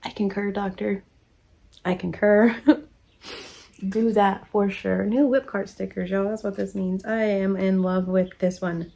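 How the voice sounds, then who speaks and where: A woman's voice: medium pitch, steady tone, slow pace, creaky, warm tone. Giggly, emotional woman. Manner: emotional and giggly, gushing thanks. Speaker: crafting channel host. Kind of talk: casual chat while opening mail.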